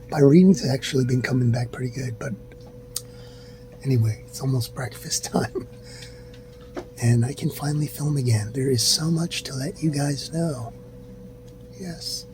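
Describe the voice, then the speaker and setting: A man's voice: unhurried, pauses often, music in the background, low-quality recording. Weary sighing man vlogging from a hospital bed. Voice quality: soft, drifting into whispers. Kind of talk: casual self-filmed update. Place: hospital room. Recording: steady rumbling background noise. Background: low rumble.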